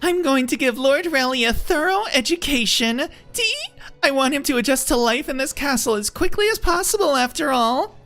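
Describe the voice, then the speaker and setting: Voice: high voice, lively intonation, moderate pace, pushed and bright, faint music behind, pitched above the performer's own voice, heavily acted. A streamer voicing a haughty, scheming noblewoman from a game, imperious and commanding.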